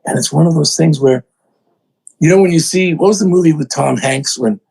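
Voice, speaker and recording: An older man, a songwriter and producer, telling animated stories in an interview, acting out other people's voices and poking fun at himself. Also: a little high, brisk, gravelly, slightly rough, poor audio. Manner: excitable, acts out voices in quotes, self-mocking.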